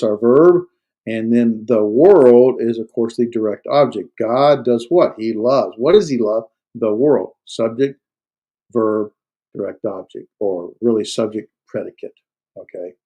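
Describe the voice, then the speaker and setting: A man's voice: on the low side, dark tone, dull audio. Man lecturing with heavy emphasis. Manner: explains step by step, many fillers and restarts; stresses words hard. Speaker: Greek instructor. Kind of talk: classroom lecture. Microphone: recorded lecture.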